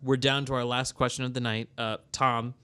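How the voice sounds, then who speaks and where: A man's voice: mid-range voice, level tone, moderate pace, sharp tone, clean tone. A young man hosting a casual college radio show, chatty and giggly while running a trivia quiz. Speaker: radio show host, quizmaster.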